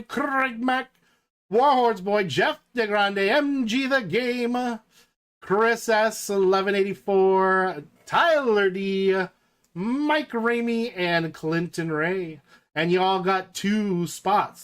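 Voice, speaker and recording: A man hosting a card-break livestream in casual chat, reading out names one by one and calling a mock horse race with rising excitement. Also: high-pitched, clean tone. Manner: unhurried, reads names out one by one.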